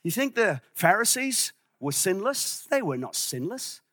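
A man preaching with fervor, his voice pitched high and ringing bright. He swings between soft pleading and loud shouts, heard close and dry. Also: big pitch swings, a little slow, no room sound. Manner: passionate, at times shouting. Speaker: pastor. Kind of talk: sermon.

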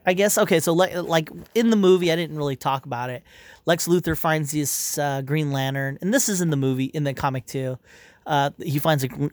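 Heard with no echo, a man with a fairly high-pitched voice grumbles through a casual review. Irritable and dismissive, he rambles, curses, leans on filler words, and often breaks off to restart his sentences.

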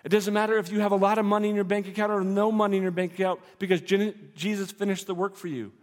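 A man's voice: high voice, fairly even intonation, quick pace, in a large hall. A man preaching a sermon as a pastor, earnest and repetitive, building to emphatic declarations.

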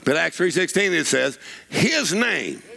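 A man preaching a sermon in a church, telling folksy stories and building up to shouted declarations. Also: on the high side, big pitch swings, unhurried, vocal fry. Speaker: pastor. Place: church sanctuary.

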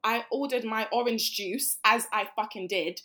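A woman, co-hosting a podcast and telling a story in casual chat, animated and full of swearing. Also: on the high side, moderate pace. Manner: animated, swearing, mimics people. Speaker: podcast co-host.

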